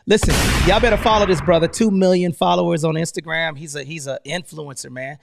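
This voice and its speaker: An energetic male host on a live stream, full of slang and hype, who keeps tacking "man" onto his lines. His voice sits high, with a gravelly edge. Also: a little fast. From United States.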